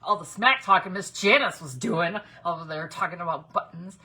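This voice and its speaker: A woman's voice: fairly low pitch, moderate pace, bright, forceful tone, poor audio. A middle-aged woman, hosting a casual craft livestream, folksy and chatty as she greets viewers by name. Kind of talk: casual live-stream chat.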